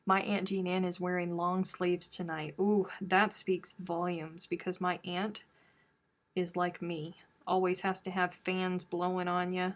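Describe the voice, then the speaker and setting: A woman's voice: fairly low pitch, little pitch movement, unhurried. A woman hosting a crochet live stream from home, chatting casually and teasing her viewers. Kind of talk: casual chat reading viewer comments.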